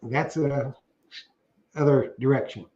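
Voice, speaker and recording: A man's voice: medium pitch, steady tone, slow pace, dark tone. A middle-aged man co-hosting a casual livestream, reading out viewer comments and rambling through jokey stories that he laughs at himself. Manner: joking, rambling, laughs at his own stories. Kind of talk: casual chat. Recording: roomy, dull lo-fi stream audio.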